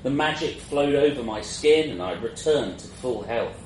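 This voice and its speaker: A man's voice: medium pitch, expressive, moderate pace. A man narrating a first-person fantasy story in a wry, self-mocking way, in a roomy, distant, noisy recording.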